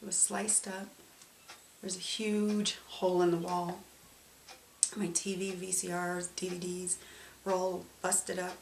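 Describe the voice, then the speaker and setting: Woman, emotional personal testimony, halting with pauses, roomy echo, distant mic, faint background noise. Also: on the low side, flat delivery. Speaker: survivor telling her story.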